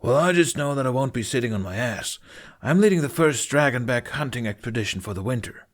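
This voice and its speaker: A man's voice: medium pitch, lively intonation, fairly quick, lightly acted. Male reader as a boastful, crude young Viking man. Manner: brash, boastful.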